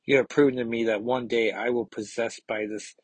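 A man's voice: mid-range voice, steady tone, a little fast, husky, no echo, natural voice, low-quality recording. A man reading aloud the lines of a defiant young psychic woman on trial from a comic. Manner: plain read-aloud delivery.

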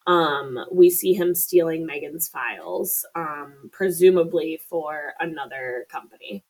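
A little slow and sitting low, her darkish voice carries a chatty, profanity-filled movie recap on a podcast she co-hosts. She acts out the characters' quotes as she goes, and the recording is rough.

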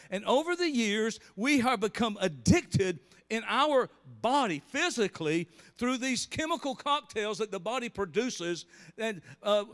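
A middle-aged man preaching a sermon, telling stories with big swings between loud and soft. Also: in a large hall. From Southern US. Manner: storytelling preacher with big swings in pitch and volume. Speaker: pastor.

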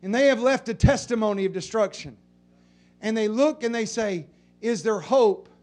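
A male pastor preaching a sermon from a church pulpit, moving between hushed passages and shouted ones. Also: high voice, moderate pace.

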